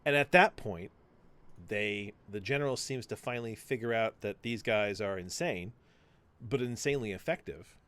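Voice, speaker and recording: A man's voice: on the low side, moderate pace, fairly bright tone. A male podcast host chatting casually and retelling a TV story, acting out the dialogue and swearing freely. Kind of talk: casual chat, retelling a TV show.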